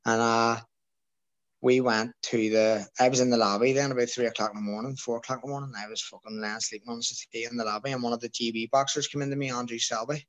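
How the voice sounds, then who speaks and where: A man's voice: mid-range voice, fairly even intonation, fast talker, fairly bright tone, rough recording. Swearing Irish man telling a story. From Ireland. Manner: swears freely, acts out quotes of others. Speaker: guest, former amateur boxer. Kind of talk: casual storytelling.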